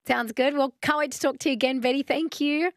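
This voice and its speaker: A woman hosts a talkback radio show in a friendly, upbeat way and laughs easily with callers. Her voice sits slightly high with a gravelly edge. The studio sound is dry. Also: fairly even intonation, fairly quick, no room sound. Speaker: radio host.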